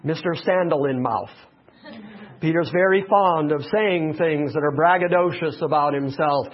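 A man's voice: fairly high pitch, expressive, normal speed, slightly rough, highs cut off. A pastor preaching a sermon to his congregation, emphatic and repeating key phrases.

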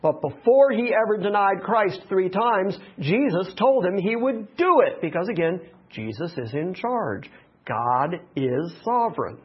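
A man's voice: sits high, expressive, unhurried, slightly rough, highs cut off. A pastor preaching a sermon to his congregation, emphatic and repeating key phrases.

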